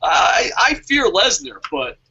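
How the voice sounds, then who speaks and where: A man's voice: high-pitched, wildly swooping pitch, slow, bright, forceful tone, breathy edge, raised voice, highs cut off. A man hosting a casual wrestling talk show, rambling, swearing and laughing often. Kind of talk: casual podcast chat.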